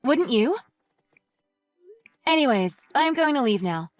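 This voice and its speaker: A woman voicing a calm, reasonable young mother in a text-message story, speaking in an even-tempered way. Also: high-pitched, slow, soft background music, full character voice.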